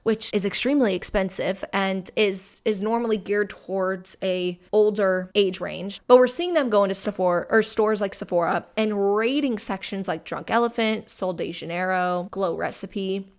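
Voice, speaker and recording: A woman in her mid-twenties hosting a commentary video, laying out her opinions in a measured, explanatory way. Her voice sits in a plain middle pitch. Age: 20s. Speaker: host.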